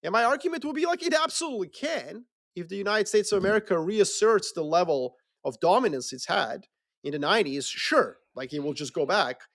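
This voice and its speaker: A man talking politics in a loose, animated way, swearing freely and acting out quick mocking voices. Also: sits high. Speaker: podcast co-host. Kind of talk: casual geopolitical discussion.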